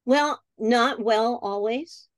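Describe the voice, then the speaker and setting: A woman's voice: fairly high pitch, slow pace, dry recording. A woman in her sixties, a podcast guest talking in an earnest, reflective way in casual conversation. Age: 60s. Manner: earnest and reflective, acts out remembered dialogue.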